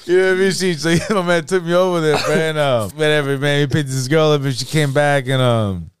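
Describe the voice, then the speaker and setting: A man's voice: a little high, a little fast, clean tone. Slangy man telling a story. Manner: profane slangy storyteller, acts out quotes, laughs often. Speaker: podcast host. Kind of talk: casual storytelling chat.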